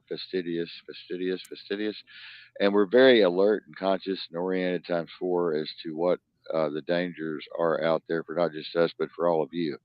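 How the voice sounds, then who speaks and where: A man hosting a live-stream news talk show, ranting in profane outbursts that swing from loud to low muttering. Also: dry recording. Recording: dull lo-fi dry sound.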